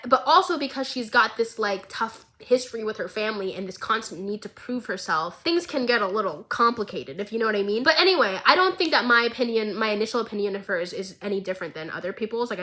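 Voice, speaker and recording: A young woman vlogger recapping a show in a casual, excitable, rambling way, swearing freely. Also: on the high side, rough recording.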